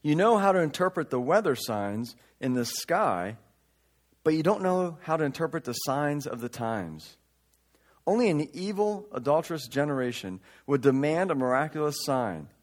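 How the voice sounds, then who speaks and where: This pastor, with a somewhat high voice, preaches in a conversational way. He reads from scripture, adds offhand asides, and alternates between forceful, loud statements and quieter comments.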